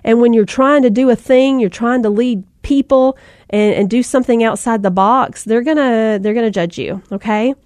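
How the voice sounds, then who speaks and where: Mom talking faith, high, dry voice. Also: female voice, moderate pace, a little mellow, no echo. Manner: conversational, folksy, with asides and fillers. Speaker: Christian speaker. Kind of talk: faith-based talk to mothers.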